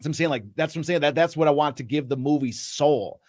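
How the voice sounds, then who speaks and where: A man's voice: on the high side, fast talker, a little mellow, no room sound. A man in casual podcast chat, enthusiastic and full of restarts. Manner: enthusiastic, many restarts and fillers. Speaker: podcast co-host, screenwriter. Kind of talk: casual chat, reading a screenplay aloud.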